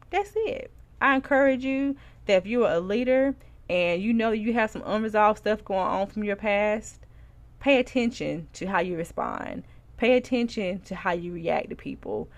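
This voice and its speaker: Woman doing a christian podcast, chatty and preachy, calls everyone y'all, gets loud and excited. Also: mid-range voice. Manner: conversational and preachy, addresses listeners as y'all, animated exclamations. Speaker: podcast host and Christian life coach. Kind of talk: casual faith-based podcast talk.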